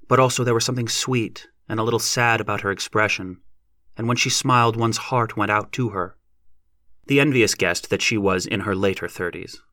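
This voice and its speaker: A man narrating a novel as an audiobook in a measured, even reading. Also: on the low side, dry recording, studio quality.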